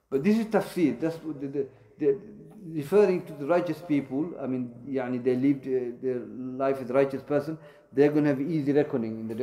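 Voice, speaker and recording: His voice is mid-range and warm as he teaches a religious lesson in a mosque, answering students' questions. The room echoes, and he relies on short, repeated phrases and plenty of fillers.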